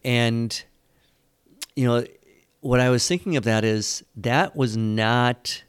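A man's voice: mid-range voice, slow, clean tone, no room sound, studio quality. A man who is a pastor and catechism teacher, talking in a rambling, storytelling way with frequent fillers in a casual church discussion. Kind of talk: conversational church podcast discussion.

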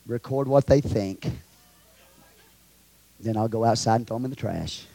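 A man with a Texan accent preaching a sermon to his congregation, swinging from quiet asides to loud shouted lines. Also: fairly low pitch, normal speed, creaky, no room sound. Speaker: pastor. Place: church.

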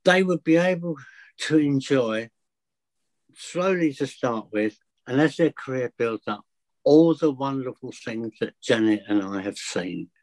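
A man's voice: medium pitch, animated, measured pace, a little mellow. A man, a fear of flying coach, telling chatty anecdotes in an interview and acting out both sides of the dialogue. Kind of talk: casual storytelling interview.

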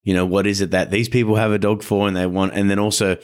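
A man's voice: on the low side, fast. An Australian man, a dog trainer and podcast host, chatting casually and acting out the people in his stories. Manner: animated storyteller, acts out quotes.

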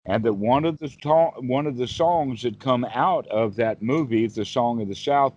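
A man's voice: medium pitch, moderate pace, few pauses, darkish tone. Folksy man telling a story on a call. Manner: folksy, rambling, many fillers. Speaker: dharma teacher. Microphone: video call. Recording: dull, dry video call audio.

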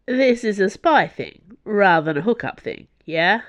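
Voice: medium pitch, lively intonation, measured pace, a bit bright, dry recording, clean studio sound, pitched above the performer's own voice. A narrator voicing a sly, calculating young man in a storybook reading, teasing and casual.

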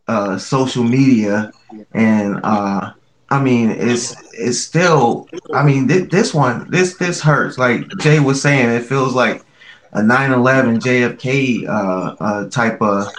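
A man's voice: medium pitch, a bit bright, low-quality recording. A man hosting a casual podcast chat, hesitant and full of fillers. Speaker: podcast host. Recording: faint background noise.

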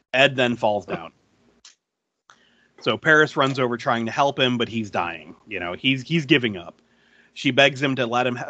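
Bright-voiced man recapping a movie, chatty. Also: medium pitch, no echo, muffled recording. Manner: chatty, laughs easily, swears casually. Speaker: podcast host recapping a movie. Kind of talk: casual chat.

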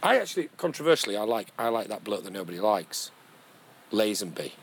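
A man chatting casually as co-host, sweary and quick to laugh. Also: fairly low pitch, a little hiss or hum, rough recording. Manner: sweary, animated, laughs a lot. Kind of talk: casual chat.

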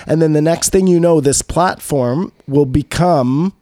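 Podcast co-host, man, 30s, mellow and loose, rambling delivery, dry close mic. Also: fairly high pitch, a little fast, few pauses, no echo. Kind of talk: casual chat.

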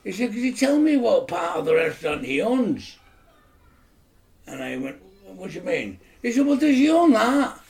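A man's voice: sits high, very animated, moderate pace, darkish tone. A man, co-hosting and telling crude stories in casual chat, laughing and acting out other people's voices. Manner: coarse, laughing storyteller who acts out other voices. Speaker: co-host, storyteller. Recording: echoey room.

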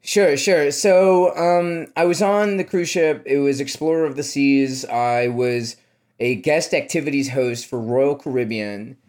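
A man's voice: mid-range voice, a little slow, a little mellow. Young male podcast guest, rambling storyteller, filler-heavy casual delivery. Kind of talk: casual chat.

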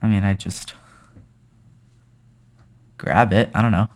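A man playing in an improvised story game, curious and quick to ask questions. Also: lowish voice, steady tone, no echo. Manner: curious, asks lots of questions. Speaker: player. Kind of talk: casual game play.

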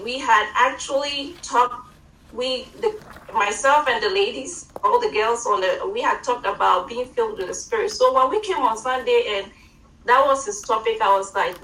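A woman with an African accent giving an informal online sermon from home, halting, with many fillers and restarts. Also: a little high, sharp tone, roomy sound, recorded from a distance, rough recording. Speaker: church teacher.

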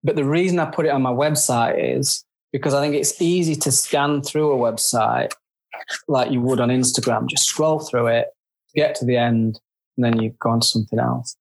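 With a creaky mid-range voice, a photographer chats casually as an interview guest, halting and frequently restarting. He describes himself as grumpy.

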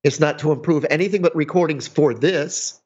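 A man's voice: on the high side, fairly quick, darkish tone, husky. A middle-aged man co-hosting a podcast, rambling in casual chat with sarcastic, self-mocking humour. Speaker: podcast co-host. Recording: dull lo-fi sound.

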